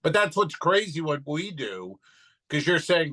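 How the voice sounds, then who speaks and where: A man's voice: fairly high pitch, sing-song, a little slow, bright, forceful tone, poor audio. A man, a stand-up comedian, chatting loosely on a podcast and retelling gigs with plenty of swearing. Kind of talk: casual chat.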